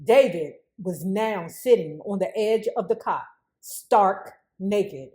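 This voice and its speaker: Reading a memoir aloud on YouTube, a woman with a mid-range voice moves at a slow pace. Now and then she interrupts herself for blunt, animated commentary full of profanity.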